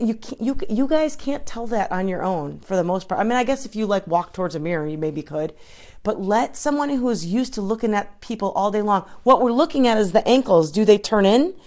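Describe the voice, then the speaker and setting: A woman coach giving an informal live-streamed talk, chatty, with many restarts and asides to her viewers. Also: medium pitch. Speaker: triathlon coach.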